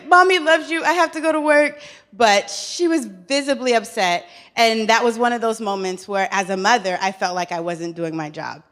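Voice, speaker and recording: A woman in her thirties, a conference speaker telling personal stories in an earnest, humorous way, with some repeated words. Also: mid-range voice. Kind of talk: personal keynote speech.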